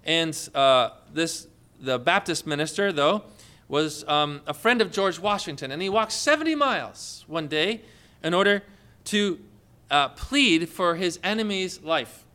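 Bright high-voiced male preacher. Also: lively intonation, measured pace, clear, resonant tone. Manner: storytelling with rising emphatic questions. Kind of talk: sermon.

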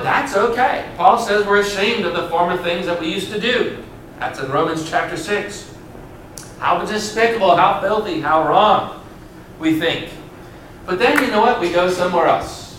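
High-voiced preaching man in echoey church. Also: fairly bright tone, recorded from a distance. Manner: rhetorical questions, emphatic preaching with dramatic pauses. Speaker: pastor. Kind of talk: sermon. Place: church sanctuary. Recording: roomy church sound from afar, faint hiss.

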